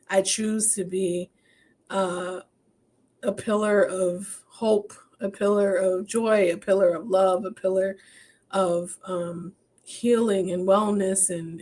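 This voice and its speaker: A woman's voice: medium pitch, fairly even intonation, slow pace, warm tone. A woman hosting a podcast, talking frankly about her struggles and her faith, often breaking into laughter. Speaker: podcast host. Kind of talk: candid personal talk. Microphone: podcast mic.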